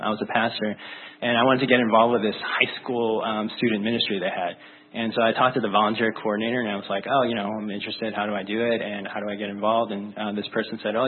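A man's voice: on the low side, husky. A man who is a pastor, preaching a conversational sermon in a casual, chatty way with many fillers. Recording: phone-like narrow band.

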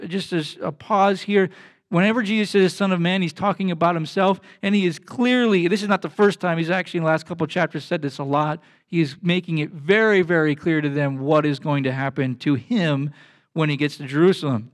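Man, pastor, relaxed sermon, slightly high voice, easygoing and full of fillers. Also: a little fast. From grew up as a missionary kid abroad. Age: adult with kids. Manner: casual, self-deprecating storytelling with many fillers.

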